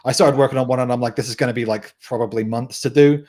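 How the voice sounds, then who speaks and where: A man's voice: medium pitch, steady tone, fast, darkish tone. A man with a light West Country English accent talks casually as a podcast guest, rambling and restarting his sentences. He laughs easily, and a desk microphone picks him up close. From West Country, England. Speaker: guest game designer.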